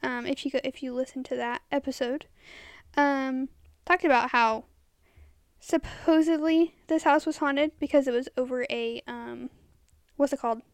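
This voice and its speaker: High-voiced woman chatting with halting pauses. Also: fairly even intonation, smooth, dry recording, studio quality. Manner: halting, searches for words with many fillers. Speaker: podcast co-host. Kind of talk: casual chat.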